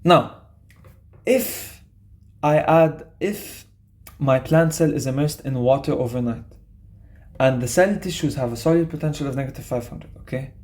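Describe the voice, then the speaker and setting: A man's voice: medium pitch, moderate pace, pauses often, a little mellow. A young man, tutoring biology in a casual, chatty way and often checking in with "okay?". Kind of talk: explaining a quiz to students.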